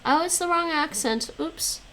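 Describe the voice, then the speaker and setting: A woman's voice: sits high, a little slow, pushed and bright, slight background noise, rough recording. A woman livestreaming at home, chatting casually and answering her viewers' messages aloud while she studies languages, with frequent laughs.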